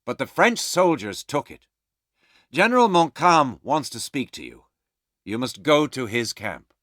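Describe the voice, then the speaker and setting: Steady frontier scout in his prime, as a man reads him in a dry studio sound. Low, guarded warnings with a slow and deliberate delivery. Calm, watchful and sure of himself. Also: no room sound. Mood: serious.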